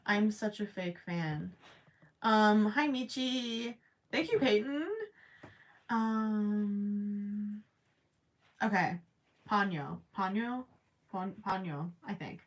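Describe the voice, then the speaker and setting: A woman's voice: mid-range voice, extremely slow, pauses often. A woman chatting casually with her viewers while she crochets, rambling with plenty of ums and self-deprecating asides. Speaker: crochet livestream host.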